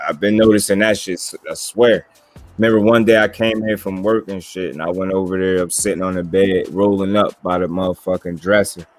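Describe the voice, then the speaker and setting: A young man co-hosting a casual talk show, telling loose, slangy stories full of profanity. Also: low voice. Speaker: podcast co-host. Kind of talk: casual chat.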